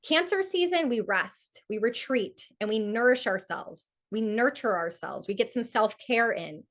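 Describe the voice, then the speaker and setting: A lively woman with a fairly high voice teaches a live group as their astrologer. She talks energetically, slips into little acted inner voices and repeats phrases for emphasis, then eases into guiding a ritual. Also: measured pace. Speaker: astrologer hosting a live community event.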